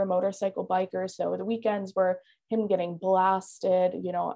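A woman's voice: medium pitch, dark tone. A woman, telling her life story as a podcast guest, candid and earnest with lots of "like" and "you know". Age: 20s. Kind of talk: personal storytelling interview.

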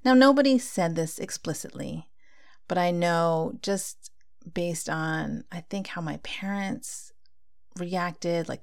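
A woman's voice: low voice, creaky. A woman giving a casual spiritual talk, speaking conversationally and acting out her own inner dialogue.

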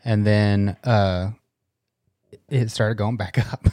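Low-ish voiced guy rambling on a podcast, laughs a lot, dry close mic. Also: fairly even intonation, slow pace, darkish tone, no echo. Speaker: podcast co-host. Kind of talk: casual chat. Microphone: studio mic.

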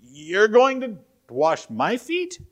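A man's voice: mid-range voice, normal speed, close to an everyday voice. A man voicing an impulsive male disciple who protests in shock and disbelief. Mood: shocked, emphatic. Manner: emphatic, incredulous protest.

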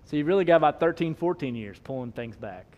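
A man, preaching a sermon, swinging between loud emphasis and soft low asides. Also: expressive, fast talker, muffled recording. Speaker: pastor.

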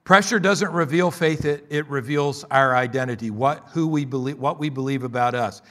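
A male pastor preaches at normal speed in a medium-pitched voice, calling out for amens. He alternates between loud, emphatic bursts and quieter asides.

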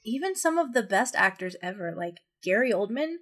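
A woman's voice: medium pitch, very animated, moderate pace, a bit bright. A woman co-hosting a podcast, chatting casually, often laughing and quoting lines. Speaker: podcast co-host. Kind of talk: casual chat.

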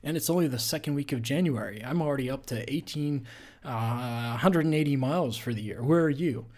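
A man's voice: mid-range voice, brisk, darkish tone, close to an everyday voice. A man voicing a snobby amateur cyclist who boasts about his training hours in a smug tone.

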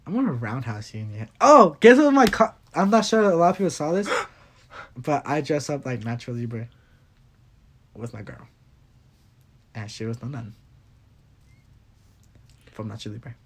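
A man's voice: mid-range voice, very animated, moderate pace, pauses often, breathy edge. A young man hosting a casual chat, teasing and pushing his guest with questions. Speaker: podcast host.

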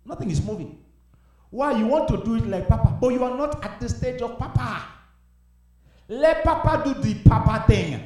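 A young adult male pastor preaching a sermon, swinging between shouted exhortation and quiet confiding. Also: very high-pitched, expressive, normal speed. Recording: echoey hall, voice from far off.

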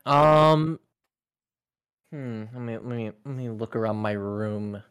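A man's voice: medium pitch, takes it slowly, a bit bright, smooth. A man co-hosting a podcast in casual chat, laughing often and swearing playfully. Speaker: podcast co-host.

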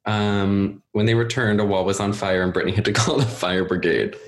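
A man's voice: lowish voice, fairly even intonation, moderate pace, very noisy. A young man co-hosting a podcast, chatting in a wry way and laughing often. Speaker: podcast co-host. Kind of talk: casual gossip chat.

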